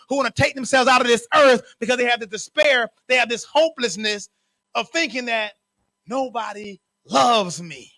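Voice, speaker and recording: Bright high-voiced male preacher. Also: normal speed, no room sound, soft background music. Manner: preaching with swings from soft to shouted. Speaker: pastor. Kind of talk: sermon. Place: church.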